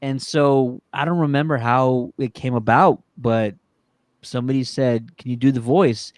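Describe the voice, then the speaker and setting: A man's voice: mid-range voice, a little slow, dry recording, studio quality. A man hosting a podcast in casual chat, upbeat and promotional, with frequent restarts. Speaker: podcast host.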